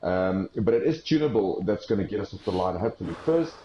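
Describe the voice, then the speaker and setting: A man with a South African accent commentating live on an esports race, an excitable play-by-play caller who rises in pitch with the action and uses plenty of fillers. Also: fast, echoey room, dull audio.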